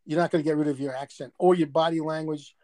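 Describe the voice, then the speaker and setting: A man's voice: fairly high pitch, fairly even intonation, fast talker, warm tone. Older New York man telling stories. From Brooklyn, New York. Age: 60s. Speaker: guest surgeon. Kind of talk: casual interview chat.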